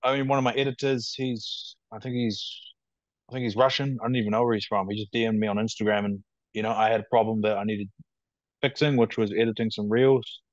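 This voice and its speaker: Man, New Zealand accent, low, monotone, calm, matter-of-fact, dull video call audio. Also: fairly quick, dry recording. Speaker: guest. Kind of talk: casual interview chat.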